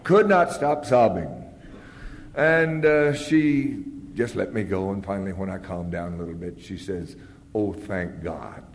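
A man's voice: lowish voice, a little slow. A man telling his own story in a plain-spoken, folksy way, full of "uh"s and repeated words. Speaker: speaker sharing his recovery story. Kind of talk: personal storytelling to an audience. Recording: long reverb from a big hall.

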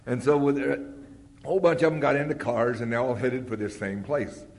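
An older man telling his recovery story with rambling humor, often acting out loud quotes. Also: mid-range voice, steady tone, fairly quick. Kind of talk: storytelling talk at a recovery meeting. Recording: long hall reverb.

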